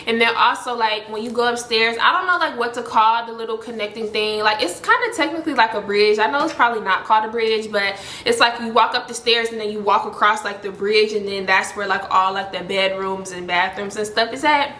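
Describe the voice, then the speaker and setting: A young woman tells a story in a casual home vlog. She is animated and says "like" constantly, and her voice sits a bit high and sounds bright. The room around her is echoey. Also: brisk, few pauses, slight background noise. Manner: animated, heavy use of "like", voices other people with high pitch jumps. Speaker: storytime vlogger.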